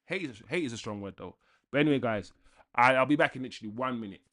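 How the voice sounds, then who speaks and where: A young man hosts a live football watchalong. He talks in a loose, opinionated way, answering viewers' comments and arguing his points. His voice sits at an average pitch for a man. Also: quick pace, fairly bright tone. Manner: casual, opinionated, reads out chat and talks back. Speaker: watchalong host.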